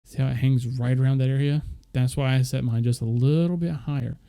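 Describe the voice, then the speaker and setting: A man's voice: medium pitch, steady tone, fairly quick, gravelly, dark tone, smooth. A young man casually walking viewers through his microphone settings, loose and rambling with fillers. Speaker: streamer explaining audio setup. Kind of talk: casual screen-share tutorial.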